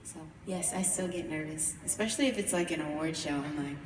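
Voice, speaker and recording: A young woman singer answering a fan's question on stage, earnest and reflective, with frequent pauses on "um.". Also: low-pitched, a crowd in the background. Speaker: pop group singer answering fan questions. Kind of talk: casual Q&A on stage. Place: large concert hall. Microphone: phone filming from the audience. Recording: echoey hall from far off, with noise.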